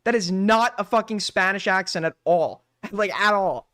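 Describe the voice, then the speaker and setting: A male streamer rants on, incredulous and swearing freely, hammering each point twice. His voice comes through smooth and resonant, dry and close to the mic, with no room around it. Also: high voice, moderate pace, bright, forceful tone, no room sound. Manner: profane, incredulous, repeats himself. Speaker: streamer host. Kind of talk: ranting commentary.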